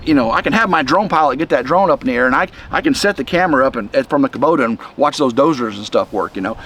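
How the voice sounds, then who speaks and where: A middle-aged man rambles to his camera outside on a windy day. His voice sits at an ordinary pitch, and he talks in stops and restarts with a slightly congested chest. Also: fairly bright tone. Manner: rambling, halting, many restarts. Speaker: vlog host. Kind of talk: casual rambling vlog. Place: outdoors in the wind.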